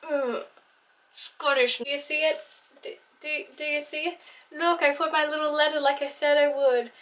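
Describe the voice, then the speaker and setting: Bubbly high-voiced young woman. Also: sharp tone. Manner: bubbly, chatty, giggly, full of fillers. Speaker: book vlogger. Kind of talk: casual chat to camera.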